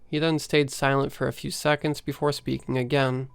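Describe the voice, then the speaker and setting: A man reading a first-person horror story aloud in a steady storytelling manner. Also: mid-range voice, moderate pace, creaky, clean tone, no room sound. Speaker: story narrator.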